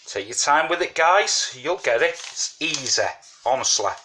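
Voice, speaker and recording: A man walks viewers through origami folds in an unhurried, rambling way, full of fillers and asides. He talks around a mint in his mouth. Faint background hiss and small clicks sit under the voice. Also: on the high side, expressive, pushed and bright. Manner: chatty, repeats "you know what I mean", many fillers. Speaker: origami tutorial host. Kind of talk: casual step-by-step craft tutorial.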